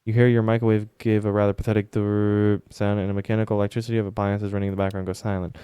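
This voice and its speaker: This time the streamer's lowish voice is flat, mellow, and clean, delivered rapid-fire in a dry recording. Playing through a game in casual let's-play style, he reads its text aloud and drops muttered, sometimes profane reactions between the narration.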